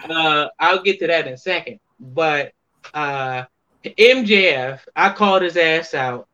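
Animated bright-voiced man in a dull recording. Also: on the high side, a little slow. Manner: animated, acts out quotes in raised voices, swears freely. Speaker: wrestler guest. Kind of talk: casual interview storytelling.

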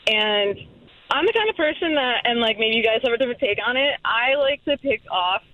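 A woman's voice: on the high side, expressive, fairly quick, no room sound, phone-quality sound. A woman calling into a radio show, rambling through a story with lots of fillers. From New England. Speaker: caller. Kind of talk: telling a story on a call-in show.

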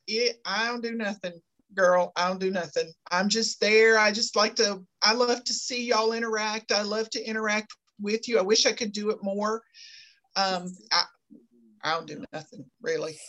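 A woman's voice: mid-range voice, steady tone, moderate pace, a bit bright, poor audio. A woman, chatting on a podcast as a guest, emphatic and repeating her points in a folksy way. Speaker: guest, fan group admin. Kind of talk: casual podcast chat.

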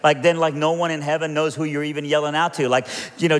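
A man delivers a sermon, leaning on storytelling and playful asides as he acts out the voices in his story. His voice sits a little high for a man. Long reverb from a large church auditorium trails after his words. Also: quick pace, hardly any pauses. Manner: animated, acts out quotes, joking asides. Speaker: preacher.

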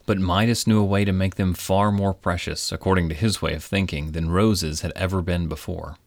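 Man, storybook narrator, low voice, measured, wry, dry close sound. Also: fairly even intonation, vocal fry, no room sound. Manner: measured, old-fashioned, gently wry.

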